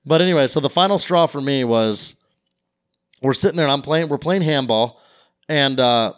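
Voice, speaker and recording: A man's voice: mid-range voice, normal speed, a bit bright. A young man telling a long rambling story in casual chat, acting out what people said. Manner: rambling, quotes people in their voices. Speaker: podcast guest.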